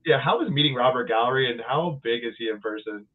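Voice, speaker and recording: A man's voice: mid-range voice, fast talker, a crowd in the background. A man hosting a podcast, asking friendly, rambling questions in casual chat. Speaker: podcast host. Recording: tinny phone-like line.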